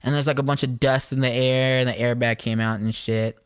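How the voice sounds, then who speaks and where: A man's voice: mid-range voice, brisk, clean tone, no echo, studio quality. A young man, co-hosting a podcast and telling casual stories with lots of swearing. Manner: swearing, animated storyteller. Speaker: podcast co-host. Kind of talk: casual storytelling chat.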